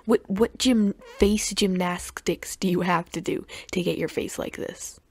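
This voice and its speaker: Sarcastic young woman reacting to clips, mid-pitched, dry close recording. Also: steady tone, a little slow, darkish tone, husky, dry recording. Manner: sarcastic, mocking, stumbles over words. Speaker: commentary youtuber.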